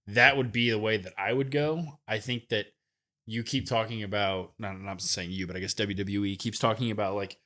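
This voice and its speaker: Lower-voiced opinionated podcast co-host. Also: male voice, steady tone, moderate pace, sharp tone. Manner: opinionated, thinks aloud with fillers. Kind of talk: casual wrestling discussion.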